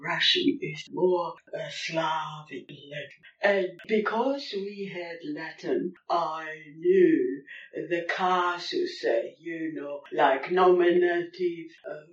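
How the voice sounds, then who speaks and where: Older woman, rambling. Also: low-pitched. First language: German. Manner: rambling, halting, many fillers. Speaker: interviewee. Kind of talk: reminiscing interview. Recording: roomy, distant, dull lo-fi recording.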